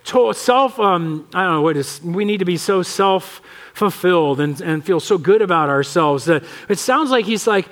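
Animated American pastor, high voice. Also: male voice, moderate pace. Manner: conversational, animated, acts out quoted voices. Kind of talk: sermon. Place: church sanctuary.

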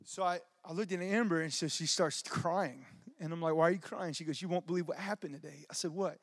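Animated high-voiced preacher man. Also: fairly quick, no echo, studio quality. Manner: animated storyteller, casual with "man" and "y'all". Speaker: preacher teaching on dreams. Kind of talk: informal church teaching and testimony.

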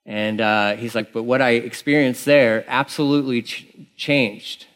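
A man's voice: mid-range voice, steady tone, unhurried, fairly bright tone. A man, a pastor, preaching a conversational sermon in a casual, rambling storytelling manner with many fillers and restarts.

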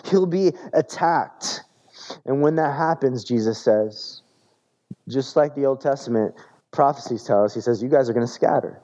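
A man preaching a sermon in a relaxed, conversational way, often repeating words as he searches for the phrase. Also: mid-range voice, normal speed, highs cut off. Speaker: pastor.

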